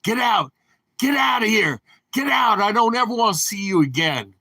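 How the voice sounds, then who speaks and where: An older man voicing a gruff male police officer who barks short commands. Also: high-pitched, lively intonation, normal speed, bright, forceful tone, no echo, raised voice, studio quality, voice pushed up, full character voice. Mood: furious.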